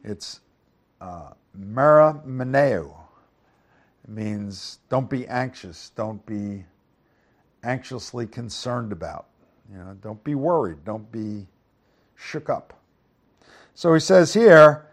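A man's voice: lively intonation, slow pace, long pauses. A man teaching through Bible verses, reading scripture aloud and then explaining it in an easygoing, conversational way, often checking in with the listeners. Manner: reads scripture louder, then explains in a low conversational aside; asks the listeners "right?" and "okay?". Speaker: preacher.

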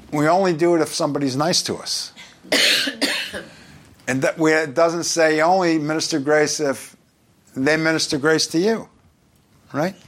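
Preaching with a New York accent, this New York pastor has a slightly high, somewhat bright male voice. His sermon is conversational, mixing joking asides with scripture he reads aloud.

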